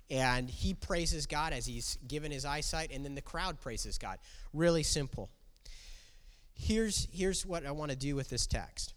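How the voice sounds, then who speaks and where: A man's voice: mid-range voice, measured pace, a bit bright, clear, resonant tone. A man preaching a sermon as pastor, talking conversationally and asking the congregation questions. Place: church. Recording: long reverb of a church hall.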